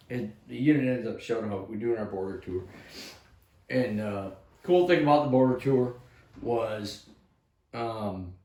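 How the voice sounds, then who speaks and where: A man in his fifties, an army veteran, telling war stories in a casual, rambling way, swearing heavily and acting out what people said. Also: lowish voice. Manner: profane, rambling, acts out quotes loudly. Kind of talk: casual storytelling chat. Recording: roomy echo.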